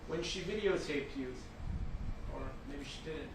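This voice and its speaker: A male attorney cross-examining a witness in court, asking measured, pointed yes-or-no questions. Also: on the high side. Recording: distant mic, very echoey and noisy room.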